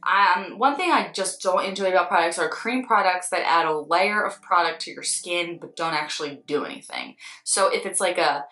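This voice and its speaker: A woman's voice: fairly low pitch, moderate pace, few pauses, sharp tone. A young woman, a beauty vlogger and makeup artist, chatting candidly with wry asides as she unboxes products. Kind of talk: casual unboxing chat. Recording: roomy echo, faint background music.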